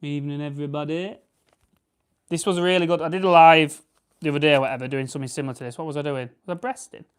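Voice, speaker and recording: A man's voice: a little high, steady tone, racing, smooth. A man from Barnsley with a Yorkshire accent, chatting casually on a livestream while preparing game birds, rambling and correcting himself as he answers viewers. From Barnsley, England. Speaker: farming channel host.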